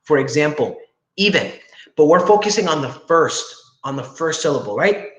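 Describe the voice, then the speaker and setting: A man's voice: fairly high pitch, expressive, moderate pace, a bit bright. A young man teaching a class over a video call, explaining step by step and often asking "right?" to check that students follow. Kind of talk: online class instruction. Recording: echoey room with faint noise.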